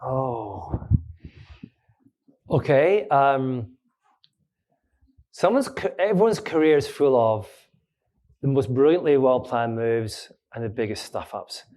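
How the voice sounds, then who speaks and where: A man's voice: mid-range voice, animated, slow, long pauses, darkish tone. A man, hosting a podcast and answering audience questions at a live event, chatty and self-deprecating, often laughing. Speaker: podcast host being interviewed.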